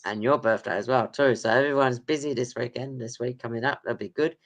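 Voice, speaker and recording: A man's voice: medium pitch, fairly even intonation, fairly quick, lo-fi sound. A man hosting a casual sports podcast quiz, rambling with lots of ums and laughs. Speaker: podcast host running a quiz. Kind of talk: casual chat.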